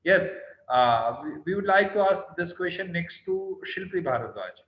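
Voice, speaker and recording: A man's voice: high voice, expressive, normal speed. Stern Indian man teaching online. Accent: Indian English. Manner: quizzes students by name, keeps asking "right?"; stern, scolds students on tone. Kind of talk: online class lecture. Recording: roomy, dull online call audio.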